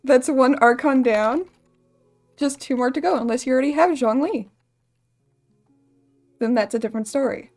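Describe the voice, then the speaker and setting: A woman's voice: high-pitched, moderate pace, pauses often, darkish tone, soft background music. A woman streamer chatting casually and rambling while she plays a game, laughing often. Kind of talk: casual gaming livestream chat.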